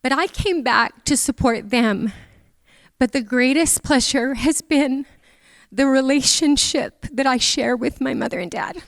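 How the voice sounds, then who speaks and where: A woman's voice: high-pitched, no room sound, big-room sound. A middle-aged woman from Canada giving a tearful, heartfelt memorial tribute to her mother in a church. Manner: tearful, emotional, speaks of feelings openly.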